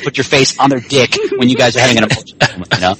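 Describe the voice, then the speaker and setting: A man's voice: medium pitch, very fast, a crowd in the background, rough recording. A man co-hosting a casual comic book chat, ranting and mocking with lots of swearing. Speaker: podcast co-host.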